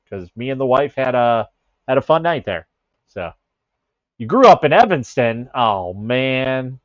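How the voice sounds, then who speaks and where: A man's voice: mid-range voice, dry recording, lo-fi sound. A man from the Chicago area hosting a casual livestream, talking in a rambling way with frequent restarts and laughs. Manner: rambling, self-interrupting, laughs often. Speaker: livestream host. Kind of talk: casual chat with chat readers.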